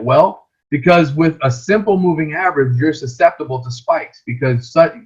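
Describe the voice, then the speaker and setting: A man's voice: mid-range voice, dull audio. A man teaching a trading lesson over a shared screen, explaining patiently and often checking in with "right?".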